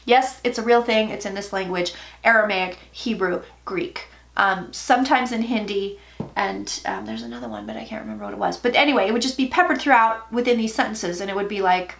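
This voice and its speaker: A woman who works as a psychic, casually telling her own story in a candid, profane, animated way. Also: medium pitch, fairly quick, gravelly, reverberant.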